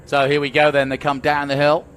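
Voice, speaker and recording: Brief: male race co-commentator, jokey banter, somewhat high voice, noisy background. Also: a little fast. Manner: playful, joking banter. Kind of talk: live motorsport commentary. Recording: steady noise in background.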